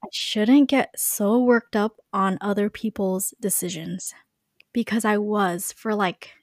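A woman's voice: medium pitch, fairly even intonation, slow, no room sound, clean studio sound. A young woman chatting casually on a podcast, with a lot of "like" and "you know". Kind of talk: casual chat.

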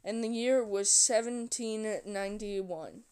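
A woman's voice: medium pitch, a little mellow, clean tone, close to an everyday voice. Woman reading as a brooding old-world male vampire. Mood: reflective. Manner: measured, unhurried storytelling. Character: calm, brooding male vampire telling his past. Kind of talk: reading a novel aloud.

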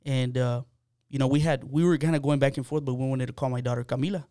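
A man's voice: mid-range voice, steady tone, fast, mellow, no room sound, clean studio sound. A man, a podcast guest, telling an earnest personal story in casual chat, with many fillers and restarts.

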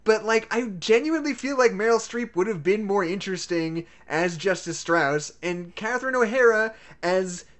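A woman co-hosting a casual movie chat, animated, laughing often and swearing freely. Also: mid-range voice, moderate pace, hardly any pauses. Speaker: podcast co-host.

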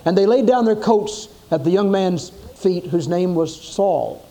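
A man's voice: high-pitched, lively intonation, measured pace, dark tone. A man preaching a sermon, telling Bible stories dramatically and acting out the quoted voices.

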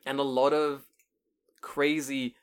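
A man's voice: medium pitch, slow pace, smooth. A young man co-hosting a casual podcast, telling stories with lots of swearing and mocking quoted voices. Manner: swearing, animated storytelling with mocking put-on quotes. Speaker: podcast co-host. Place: living in Japan.

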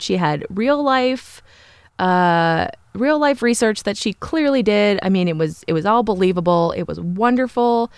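A woman's voice: mid-range voice, lively intonation, measured pace, smooth, no echo, studio quality. A woman hosting a podcast in a casual, rambling, gushing monologue and laughing often. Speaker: podcast host.

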